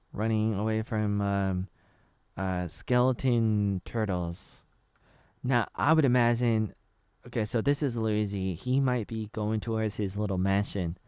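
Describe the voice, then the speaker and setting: A man's voice: fairly low pitch, darkish tone, clean tone, no echo, clean studio sound. A man in his thirties from Oregon, casually reacting to a trailer, rambling and thinking aloud with many fillers and restarts. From Oregon, USA. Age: 30s. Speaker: video creator reacting to a trailer.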